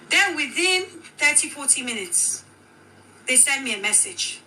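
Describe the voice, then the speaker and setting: Bright-voiced Nigerian woman recounting. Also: high voice, measured pace, a little hiss or hum, low-quality recording. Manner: animated, quoting others in dialogue. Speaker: widow telling her account. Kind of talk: emotional personal account.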